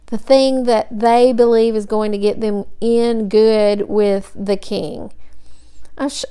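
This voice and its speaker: A woman's voice: fairly high pitch, a little mellow, clean tone. A woman teaching a Bible study, retelling scripture scenes in a vivid storytelling manner.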